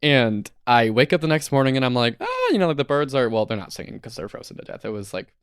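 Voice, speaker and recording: In a casual podcast chat, a young male co-host in his twenties rambles through a lengthy story, peppered with "like" and plenty of swearing. His mid-range voice is smooth and quick, captured in a dry, studio-quality recording.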